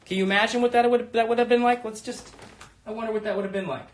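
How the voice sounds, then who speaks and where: Speaking fast with a steady tone, a thirties-aged man hosts a comedy live stream from his room at home. His voice is high and bright, and he's brash and crude, rambling between loud outbursts and quiet mutters.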